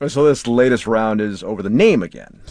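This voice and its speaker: A man's voice: fairly low pitch, lively intonation, fairly quick, darkish tone, dry recording, studio quality. A man hosting a morning radio news show, asking a correspondent questions in a conversational way. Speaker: news host.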